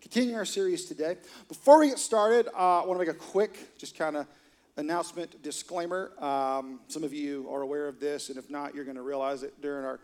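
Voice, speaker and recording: A man's voice: on the high side, steady tone, fairly quick, darkish tone. A middle-aged man preaching as a pastor, telling a story and joking with the congregation. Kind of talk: sermon with storytelling. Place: church auditorium.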